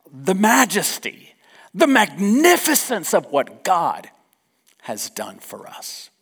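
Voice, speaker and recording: A male pastor preaching a sermon, reading scripture aloud with lively, joking asides to his congregation. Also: high-pitched.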